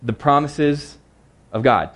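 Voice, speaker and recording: A man's voice: medium pitch, a bit bright. Earnest man preaching a casual sermon. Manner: conversational, earnest, reads scripture slowly.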